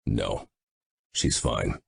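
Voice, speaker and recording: A man voicing a stern mafia boss who is worried for his brother, in a dry, measured audiobook reading. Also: extremely low pitch, gravelly, slightly rough, no echo, voice pushed down, heavily acted. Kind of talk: audiobook narration.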